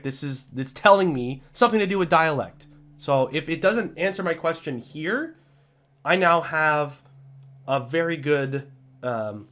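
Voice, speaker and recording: A man teaching programming in a screen-recorded tutorial voice-over, talking in an excitable, emphatic, ranting way and sounding slightly sick. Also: medium pitch. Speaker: programming instructor.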